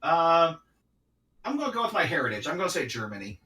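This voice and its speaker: A man with a bright, crisp voice co-hosts a casual nerd talk show. He explains background for viewers and ribs his friends. The room rings with echo. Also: fairly high pitch, very animated, a little fast, recorded from a distance. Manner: explanatory, playful teasing. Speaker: co-host. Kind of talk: casual chat.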